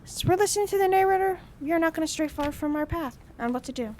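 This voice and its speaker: A chatty woman streamer talks playfully through her game in a high, bright-sounding voice. Her commentary stays casual and giggly. A faint hiss sits behind her. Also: fast talker.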